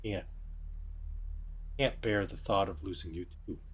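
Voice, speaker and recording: A man voicing a calm, measured young nobleman who speaks as a protective older brother in a tabletop game. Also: low voice, breathy edge, heavily acted. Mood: earnest.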